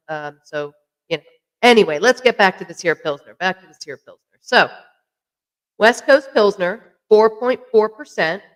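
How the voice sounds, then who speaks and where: Chatty host with a smooth voice. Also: medium pitch, fairly bright tone, low-quality recording. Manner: chatty and rambling, with many fillers and self-corrections; sips a drink while talking. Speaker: podcast host reviewing beer. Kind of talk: casual chat to camera.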